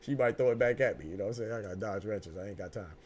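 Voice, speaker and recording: A man's voice: on the low side, rapid-fire, a little mellow. A man hosting a live boxing podcast, reading chat comments and joking around with loose, profane mock anger and speech.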